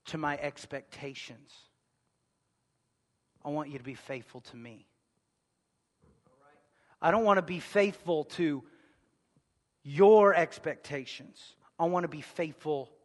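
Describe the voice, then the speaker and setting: High-voiced preacher in a reverberant hall. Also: male voice. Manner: dynamic, swings from hushed to loud. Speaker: pastor. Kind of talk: sermon.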